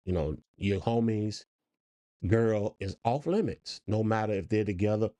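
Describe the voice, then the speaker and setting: A middle-aged man with a low, mellow voice talks in an easy, unhurried way, putting questions to his co-host. The sound is dry and close, with no room behind him. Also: no room sound. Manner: relaxed, questioning, reads out listener comments. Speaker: podcast co-host. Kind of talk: casual chat.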